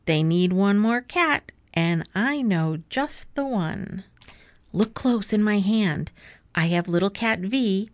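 A big storybook cat who boasts and bosses everyone around, put on by a woman reading aloud. The lines come slowly and showily. The sound is dry and close. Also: medium pitch, animated, no echo. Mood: boastful. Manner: showy, boasting, bossy.

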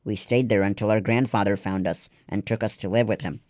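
A man reading the lines of a sensible older brother, a calm young sleuth in a storybook. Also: on the low side, fairly quick, no room sound, clean studio sound, close to an everyday voice.

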